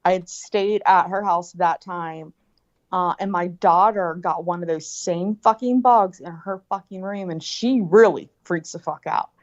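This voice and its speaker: Profane, animated middle-aged woman storyteller. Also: lowish voice, unhurried. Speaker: guest. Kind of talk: casual storytelling chat. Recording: dull lo-fi sound.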